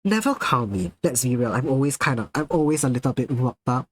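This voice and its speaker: Excitable swearing male streamer. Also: medium pitch, brisk, a little hiss or hum, low-quality recording. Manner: excitable, swears freely, laughs often while reacting to chat. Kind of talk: casual live-stream chat.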